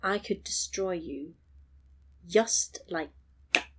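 A woman voicing a sinister, supercilious older man in a quiet, cold manner. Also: fairly low pitch, takes it slowly, slightly rough. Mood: menacing.

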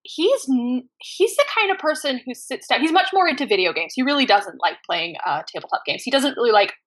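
A woman in her thirties telling funny stories in casual chat, animated and quick to act out quotes in voices. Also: fairly high pitch. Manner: animated, acts out quotes in voices, laughs often. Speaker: podcast guest. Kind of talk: casual storytelling.

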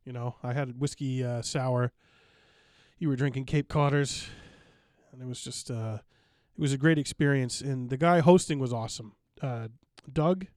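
A man's voice: mid-range voice, normal speed, darkish tone, no echo, studio quality. A man in casual podcast chat, recounting a night out with enthusiastic, rambling talk full of fillers.

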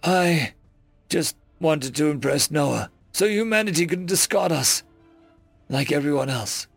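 Man doing a sorry little alien traitor, apologetic and pleading, gravelly, dry sound. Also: fairly high pitch, lively intonation, unhurried, no echo, faint music behind, exaggerated voice. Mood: remorseful. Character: remorseful male alien traitor, meek.

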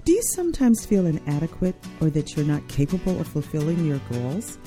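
Low-voiced woman announcing an offer. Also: a little fast. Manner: calm, clearly read voice-over. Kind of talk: product announcement. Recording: voice-over with guitar music.

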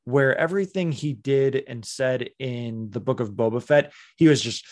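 A man talking casually on a podcast, animated and critical, sometimes slipping into mimicry. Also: medium pitch, moderate pace, hardly any pauses. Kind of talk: casual chat.

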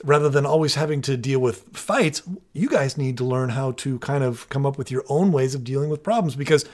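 A man's voice: mid-range voice, fairly quick, darkish tone. Middle-aged male co-host, earnest and chatty, explains in steps. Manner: earnest, explains step by step with many restarts. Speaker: parenting podcast co-host. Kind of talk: casual conversational explaining.

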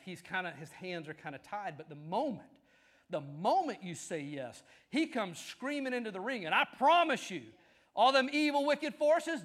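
A man preaching a sermon, telling stories with lively build-ups that rise to shouts. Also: fairly high pitch. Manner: animated storytelling, shouting at climaxes. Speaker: pastor.

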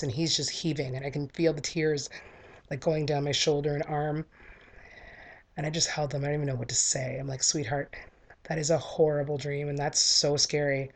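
A woman's voice: deep voice, a little mellow. A woman in her thirties giving a candid, earnest talk that tells a personal story in a conversational way. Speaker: speaker sharing a personal story.

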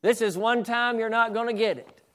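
A man's voice: extremely high pitch, fairly even intonation, moderate pace, fairly bright tone, pitched above the performer's own voice. A man voicing the devil in a sermon story, taunting and gloating. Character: taunting male devil, menacing and sure.

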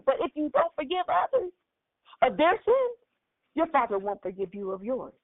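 A woman's voice: high voice, sing-song, moderate pace, no room sound. A woman preaching an impassioned sermon on forgiveness, repeating phrases and breaking into prayer. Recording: tinny phone-like line.

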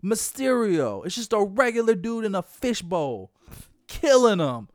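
A man co-hosting a casual movie chat, retelling scenes with excitement and quoting characters. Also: high-pitched, measured pace, no echo, studio quality. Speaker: podcast co-host.

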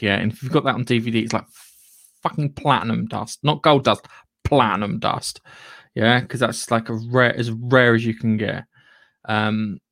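A man's voice: mid-range voice, a bit bright, no echo. A man co-hosting a podcast in a rambling, casual way. He swears freely between tangents. His voice sits in a mid register and is recorded dry and close. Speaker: podcast co-host. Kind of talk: casual chat.

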